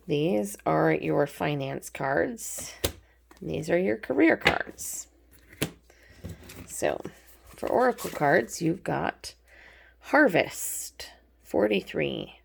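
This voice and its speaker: Low, gravelly woman tarot reader; relaxed, chatty, affectionate delivery. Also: takes it slowly, long pauses. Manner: chatty, informal, frequent ums, affectionate terms. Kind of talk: casual pick-a-card tarot reading.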